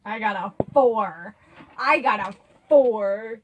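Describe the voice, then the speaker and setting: A woman's voice: medium pitch, slow pace, dull audio, noisy background. A woman playing a tabletop game casually and asking many curious questions. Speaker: player.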